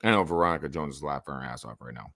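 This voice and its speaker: A man giving sales advice as a podcast guest, animated and swinging his voice up and down for emphasis. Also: extremely low pitch, very fast, gravelly, no room sound, studio quality. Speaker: real estate sales coach.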